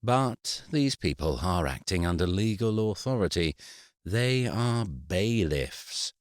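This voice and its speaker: A man voicing a formal, unbending male solicitor who speaks in a measured, formal way. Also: deep voice, expressive, no echo, clean studio sound. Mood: cool.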